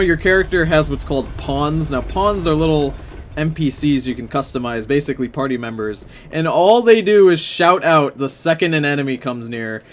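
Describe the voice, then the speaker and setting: Sarcastic, swearing gaming host. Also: male voice, fairly high pitch, a little hiss or hum. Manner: swearing, sarcastic, easily frustrated. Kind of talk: let's play commentary.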